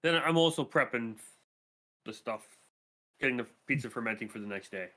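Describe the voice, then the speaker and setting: A man playing at a tabletop game, speaking in a rapid, matter-of-fact way. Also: medium pitch, lively intonation, pushed and bright, poor audio. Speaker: player.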